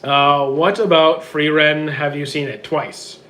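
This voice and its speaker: A man with a hoarse, worn-out voice reads out viewer questions and answers them offhand in casual livestream chat from home. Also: a little high, steady tone, slow pace, pushed and bright. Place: home with roommates.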